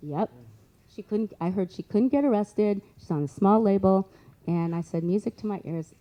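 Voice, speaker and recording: A woman telling a long story as a guest speaker, animated, acting out both sides of conversations and adding lively asides. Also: mid-range voice, moderate pace, highs cut off. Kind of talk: storytelling on stage.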